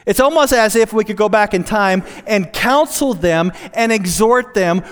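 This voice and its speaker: Male pastor, high voice, fervent sermon delivery, long hall reverb. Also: moderate pace, hardly any pauses. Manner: impassioned preaching, building to emphatic highs.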